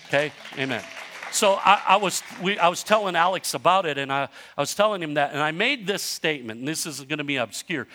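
Older guy preaching, bright tense voice kinda high, chatty stories then gets loud and punchy. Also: brisk, some chatter behind, slight background noise. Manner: animated preaching, rising to loud emphatic runs; conversational storytelling with self-interruptions. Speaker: pastor. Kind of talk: sermon.

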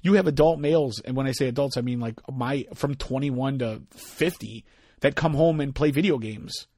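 A husky, mid-range male voice at a moderate pace, captured in clean studio sound without echo. This middle-aged podcast co-host tells stories in casual conversation, animatedly acting out the voices of the people he quotes.

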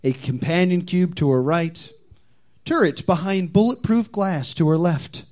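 A man's voice: sits high, unhurried, darkish tone. A man reading his comic fan fiction aloud as a comedy contestant, with dramatic, playful storytelling.

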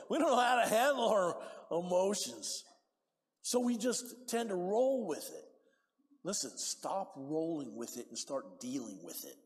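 A male preacher with a fairly high voice delivers an emphatic sermon, calling out for amens from the congregation. He swings between loud, pressing exhortation and quiet, hushed appeals. The sound carries the long reverb of a church hall. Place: church sanctuary.

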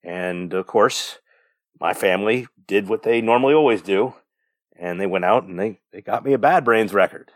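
A man's voice: fairly low pitch, moderate pace, no room sound, studio quality. A young man, a podcast co-host, rambling through a casual story with lots of fillers and the odd swear. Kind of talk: casual chat.

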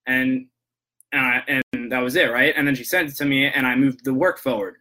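A man's voice: medium pitch, a little fast, pushed and bright. A man hosting a podcast, telling work stories in a casual, rambling way with many restarts, then turning earnest and motivational. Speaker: podcast host. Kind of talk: casual monologue, storytelling about work calls.

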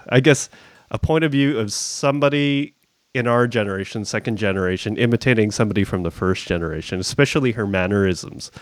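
Male podcast host, low voice, relaxed conversational, dry sound. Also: no room sound. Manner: relaxed, laughs often, repeats words when starting. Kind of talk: casual chat.

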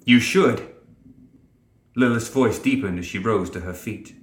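A man narrating a dark fantasy story in a steady, dramatic way. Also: lowish voice, moderate pace, reverberant. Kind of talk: scripted narration.

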